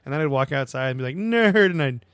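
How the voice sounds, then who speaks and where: A man's voice: medium pitch, racing, a crowd in the background. A young adult man co-hosting a podcast, telling stories in casual chat with lots of cursing and animation. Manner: profane, animated storytelling. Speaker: podcast co-host.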